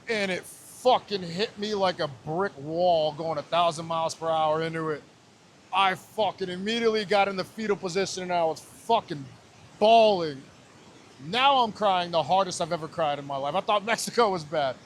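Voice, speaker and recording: A man's voice: high voice, moderate pace, a little hiss or hum. A man in his thirties, a podcast guest, telling a personal story in casual talk, raw and emotional and swearing freely. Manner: raw, emotional, swears often, retells scenes with quoted voices.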